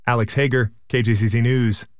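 A man's voice: medium pitch, fairly even intonation, brisk, no echo, studio quality. Man reading a radio news report.

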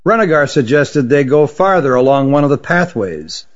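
A man reading a fantasy story aloud as narrator in a measured, even way. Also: a little high. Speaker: audiobook narrator. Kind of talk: scripted narration. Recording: dull lo-fi audiobook recording.

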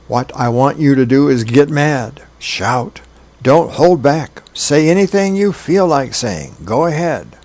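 A man reading a bossy little comic-strip girl playing psychiatrist, brisk and commanding. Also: on the high side, animated, darkish tone, voice pushed up.

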